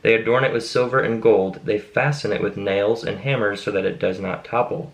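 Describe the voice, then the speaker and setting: A man reading scripture aloud at a steady, measured pace, now and then stopping to explain a word. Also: on the low side, vocal fry, low-quality recording. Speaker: Bible reader.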